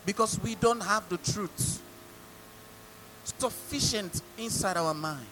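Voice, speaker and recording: A man's voice: sits high, takes it slowly, pushed and bright, slight background noise, rough recording. A male pastor with a Nigerian English accent preaching a sermon, mimicking people and asking the congregation rhetorical questions.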